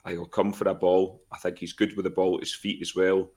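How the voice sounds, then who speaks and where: Deep-voiced male co-host, frank and animated in casual chat. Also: a little fast. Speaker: podcast co-host.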